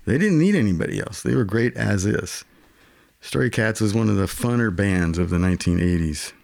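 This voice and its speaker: A man's voice: fairly low pitch, animated, normal speed, vocal fry, a little mellow, no echo. A man co-hosting a music podcast, explaining songs and guitar tones with enthusiasm. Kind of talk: casual music chat.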